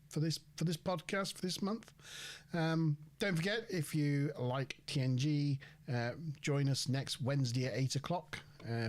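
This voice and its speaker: An English man co-hosting a casual live podcast, a laughing storyteller who pauses often with fillers. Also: fairly high pitch. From England. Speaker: podcast co-host.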